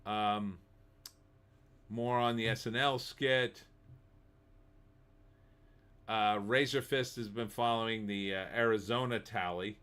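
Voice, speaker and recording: A middle-aged man hosting a live stream reads chat messages and sneers at them, laughing often and doing mocking voices in casual, sarcastic commentary. He speaks slowly with frequent pauses, his low, steady voice clear, resonant and a little bright.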